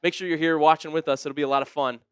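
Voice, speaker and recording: A man hosting a live sports talk stream, chatting excitedly with viewers and a co-host. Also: very fast, clear, resonant tone, no room sound, faint music behind. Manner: excitable, jumps up in pitch when fired up. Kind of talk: livestream sports chat.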